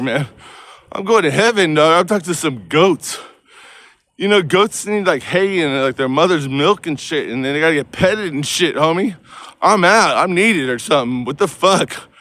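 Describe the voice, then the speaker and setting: A man's voice: fairly high pitch, fairly bright tone. A man on a street, rambling in a profane, stream-of-consciousness monologue that jumps from topic to topic. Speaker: vlogger. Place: outdoors on a street.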